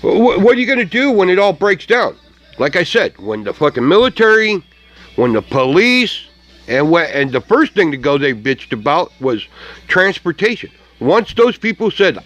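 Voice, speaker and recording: A man's voice: sits high, big pitch swings, normal speed, fairly bright tone, dry recording, faint music behind. A man ranting profanely in a vlog, mocking and laughing at what he sees as things breaking down. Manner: angry, mocking, laughs often, heavy swearing. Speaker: vlogger. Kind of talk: profane rant to camera.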